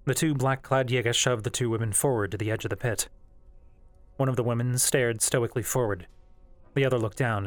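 A man narrating a fan novel as an audiobook in a steady, measured storytelling voice. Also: mid-range voice, no echo. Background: faint background music.

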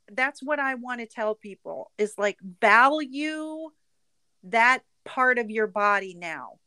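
A woman's voice: on the high side, pushed and bright, smooth, dry recording. A woman in casual chat, talking frankly and bluntly, with a bawdy humor. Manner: frank, blunt and bawdy, acts out quoted voices.

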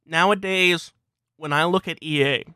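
An angry gaming commentator tears into the industry in a profane rant, swearing nearly every sentence and hammering rhetorical questions. The voice is smooth and clear. It is recorded close and dry, with no room sound. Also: mid-range voice, fairly even intonation, a little slow, pushed and bright, dry recording.

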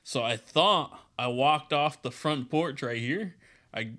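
A man's voice: medium pitch, slow, bright, forceful tone. A man co-hosting a podcast, telling a rambling, crude story in casual chat and laughing at it. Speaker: podcast co-host.

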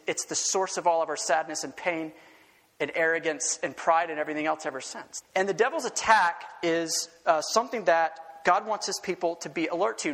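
Rhetorical questions and emphatic repetition fill the animated sermon of this male pastor, whose voice is on the high side. Long reverb from the church sanctuary where he was recorded surrounds his preaching.

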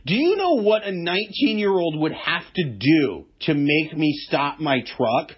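A man's voice: on the high side, big pitch swings, unhurried, slightly rough, lo-fi sound. A man in his mid thirties, talking casually and profanely, with a lot of emphasis. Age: 30s. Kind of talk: casual chat.

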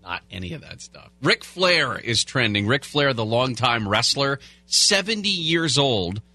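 A man's voice: mid-range voice, sing-song, a little slow, bright, forceful tone, no room sound. A man hosting a talk radio show, chatting casually and reading headlines with rambling asides. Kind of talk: talk radio chat and news rundown. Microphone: studio broadcast mic.

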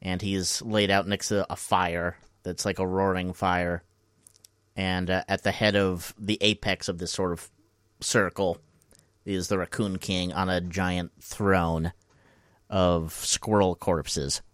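Very deep-voiced man, dry close sound. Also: level tone, takes it slowly, fairly bright tone, clear, resonant tone, no echo. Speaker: podcast co-host. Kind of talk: casual comedic recap chat.

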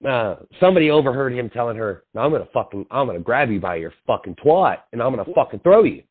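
A man's voice: medium pitch, animated, fast talker, slightly rough. A young man co-hosting a podcast, telling a long, profane story with lots of acted-out quotes and fillers. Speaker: podcast co-host. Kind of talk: casual chat. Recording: tinny phone-like sound.

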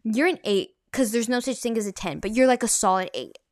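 This is a pushy, blunt man who fires off insistent lines as a young woman retells him. The delivery comes a bit louder than her everyday voice and stays close to it in pitch. The sound is dry and close, with no room echo. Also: animated, brisk, lightly acted. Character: pushy, sweaty man proposing at a checkout.

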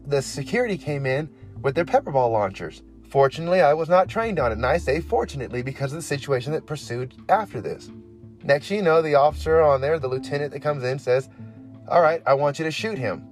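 A man with a slightly raised pitch tells of his years as a prison officer in an emphatic, impassioned way. His voice presses hard on key words as he speaks. Soft music plays faintly beneath him. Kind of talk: personal testimony.

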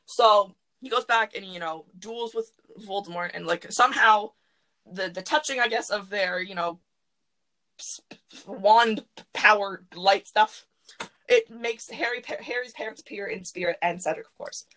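A woman hosting a podcast from her closet, chatting casually and rambling excitedly with lots of fillers. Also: mid-range voice, a little slow, rough recording. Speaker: podcast host. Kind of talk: casual chat.

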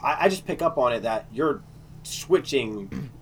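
A man's voice: mid-range voice, lively intonation, a little slow, slight background noise. A man chatting loosely about role-playing games, rambling with lots of fillers and the odd swear. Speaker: player and game master. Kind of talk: casual podcast chat.

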